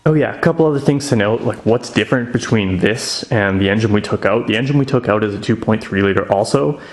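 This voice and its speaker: A man's voice: fairly low pitch, fast talker. A young man chatting casually and eagerly about his car project in his home garage, with lots of filler words.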